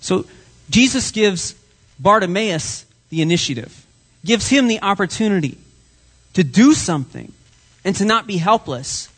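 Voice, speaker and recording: A male pastor preaching a sermon, dramatic, swinging from soft whispers to loud cries. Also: high-pitched, animated, unhurried, husky.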